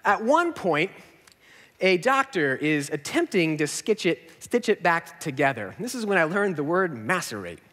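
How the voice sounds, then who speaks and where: A man in his thirties, a pastor telling a story in a sermon, self-mocking and animated, acting out what people said. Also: on the high side, normal speed. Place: large church auditorium. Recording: hall reverb.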